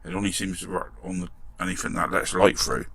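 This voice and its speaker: Gravelly low-voiced man tinkering. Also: a little fast, fairly bright tone, no room sound. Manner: chatty, muttering while working, mild swearing. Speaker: model restoration vlogger. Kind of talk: casual workshop commentary.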